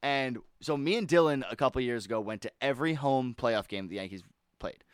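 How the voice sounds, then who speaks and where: A young man co-hosting a casual chat, excitable, swearing and laughing often as he tells stories. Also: mid-range voice, brisk, smooth, no room sound, clean studio sound. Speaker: podcast co-host.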